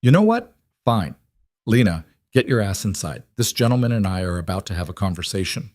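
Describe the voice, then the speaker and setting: A man's voice: lowish voice, sing-song, a little fast, a little mellow, no echo, clean studio sound. A man voicing a ruthless, mocking outlaw gang leader in a western story, with a taunting, menacing delivery. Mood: mocking menace. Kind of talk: audiobook story narration.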